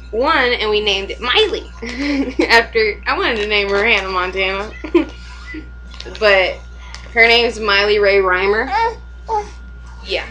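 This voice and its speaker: A woman's voice: mid-range voice, pushed and bright, poor audio. A young woman and mother chatting casually at home for a vlog, rambling, swearing freely and laughing often.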